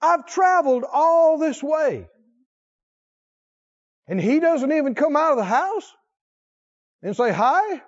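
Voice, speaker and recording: A man voicing a proud, indignant army commander who rants with a self-important manner, in a higher, louder voice than his own. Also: big pitch swings, takes it slowly, long pauses, highs cut off, full character voice.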